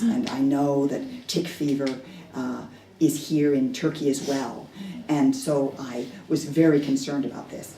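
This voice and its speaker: A low, mellow-voiced woman gives a candid, self-deprecating dharma talk, stopping and restarting as she tells her story. She is recorded from some distance in an echoey hall with a faint room hum.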